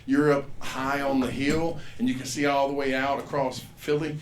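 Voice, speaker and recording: A man's voice: medium pitch, flat delivery, normal speed, roomy sound, a little hiss or hum. Profane man doing stand-up. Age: 50s. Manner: profane, rambling, acts out characters loudly. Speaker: stand-up comedian. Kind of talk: stand-up comedy set. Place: comedy club stage.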